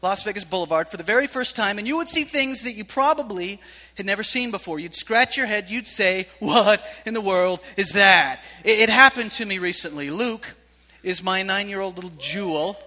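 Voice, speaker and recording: A pastor delivers a lively sermon, his voice pitched high for a man and ringing with forceful brightness. He tells stories with energy and bursts into shouted punchlines. His words echo with a long reverb through a large church hall. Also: fairly quick. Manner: animated storytelling with shouted punchlines.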